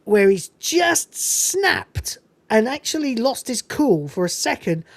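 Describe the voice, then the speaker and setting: A woman's voice: on the high side, big pitch swings, slow, dry recording. A woman hosting a podcast, chatting casually and enthusiastically about a film, swearing freely and laughing often. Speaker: podcast host reviewing a film. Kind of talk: casual chat.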